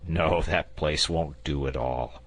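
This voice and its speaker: A man's voice: a bass voice, slow, full character voice. Man doing a coy, bored old dragon. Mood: wry. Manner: fussy and wry, sighing.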